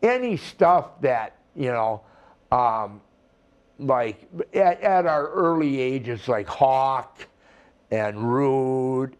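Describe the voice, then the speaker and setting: Older male wrestler, slow deliberate talker, swears and plays every part. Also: mid-range voice, animated, clean tone. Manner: slow, rambling storytelling with profanity and acted-out quotes. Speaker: retired wrestler, interview guest. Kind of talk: storytelling shoot interview.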